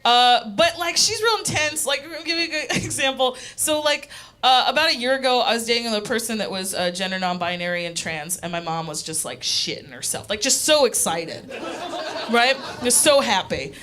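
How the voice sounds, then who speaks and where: A woman's voice: fairly high pitch, animated, normal speed, faint music behind. A young woman doing stand-up comedy on a small theater stage, chatty and full of fillers. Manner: chatty, full of "like" and self-interruptions. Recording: live audience laughter in small theater.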